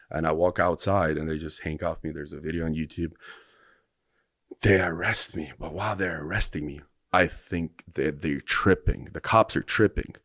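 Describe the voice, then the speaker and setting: A man's voice: rumbling low, normal speed, fairly bright tone, dry recording, studio quality. A man on a podcast telling a long personal story in a rambling way, full of restarts. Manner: rambling, breathless retelling with restarts. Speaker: podcast guest. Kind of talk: casual storytelling.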